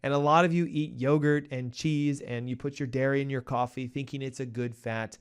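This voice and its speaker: A man's voice: mid-range voice, steady tone, moderate pace, smooth. Emphatic man giving punchy health advice. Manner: emphatic, punchy, addresses listeners directly; acts out a panicking cardiologist in a raised voice. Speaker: health show host. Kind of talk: energetic health advice talk.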